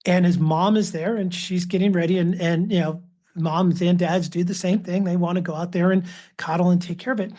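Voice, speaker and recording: A man's voice: sits high, steady tone, a little fast, mellow. A man in his fifties, a father and author, telling stories as a guest in a casual podcast interview. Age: 50s. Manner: anecdotal, acts out quoted voices.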